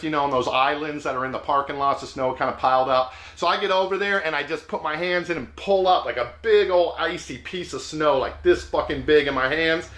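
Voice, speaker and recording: A man's voice: a little high, a bit bright. A man hosting his own channel, telling a story in a laid-back way, swearing a lot and saying "dude.". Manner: profane, laid-back, says "dude" often. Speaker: vlog host. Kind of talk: casual storytelling. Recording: roomy echo.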